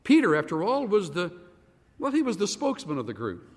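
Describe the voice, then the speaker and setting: A male pastor preaches with a lively, swooping delivery, firing rhetorical questions at the congregation. His voice sits a little higher than most men's, and a long hall reverb follows every phrase. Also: brisk. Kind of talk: sermon.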